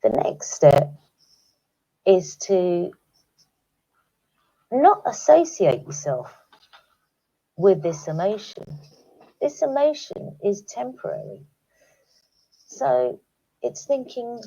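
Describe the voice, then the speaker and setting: A woman speaking calmly to teachers, guiding them through reflective questions in a recorded online talk. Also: medium pitch, slow, pauses often, lo-fi sound. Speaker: education speaker. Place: home, recorded remotely.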